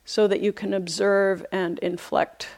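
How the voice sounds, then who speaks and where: A middle-aged woman teaching meditation, her voice carrying a gravelly edge. She talks through a retreat dharma talk in a reflective, unhurried way, pausing softly and now and then laughing lightly at herself. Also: mid-range voice, flat delivery. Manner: reflective, unhurried, with soft hesitations; light self-amused laughter. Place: retreat center meditation hall.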